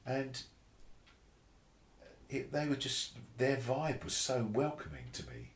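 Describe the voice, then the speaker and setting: A man, a bass player telling a story in a casual interview, animated and swearing freely, acting out the voices of others. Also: takes it slowly. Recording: roomy echo.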